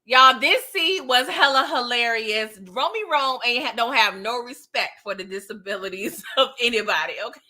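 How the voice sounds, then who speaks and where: Casting note: woman, bright, higher-pitched voice, animated recap host who keeps checking in with "okay?". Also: moderate pace, few pauses. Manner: animated, tags lines with "okay?"; laughs often while talking. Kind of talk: casual recap commentary.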